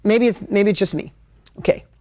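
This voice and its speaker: Man, live-stream business coach, whiteboard lesson, animated, emotional, talks to viewers. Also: sits high, a little fast. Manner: animated, emotional, jumps between ideas; talks straight to viewers, asks for comments. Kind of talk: live motivational teaching at a whiteboard.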